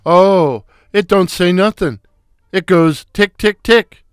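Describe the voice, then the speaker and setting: A man voicing a brash, crude, wisecracking male slapstick comic with a loud foghorn voice in a read-aloud story. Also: high voice, slow, clear, resonant tone, no echo, clean studio sound, faint music behind. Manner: wisecracking, boisterous. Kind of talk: storybook character voice.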